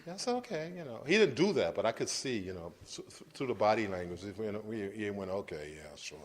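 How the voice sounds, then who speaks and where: A man's voice: on the low side, animated, quick pace. A middle-aged man giving an informal university lecture to an audience, talking conversationally with frequent restarts and checks for understanding. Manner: conversational, repeats and restarts, asks "does that make sense". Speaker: guest lecturer.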